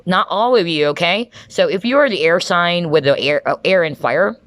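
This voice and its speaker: A woman's voice: fairly low pitch, moderate pace, dry recording. A woman giving a pick-a-card tarot reading to camera, enthusiastic and chatty, often breaking into exclamations and checking in with the viewer. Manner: enthusiastic, excitable, frequent exclamations.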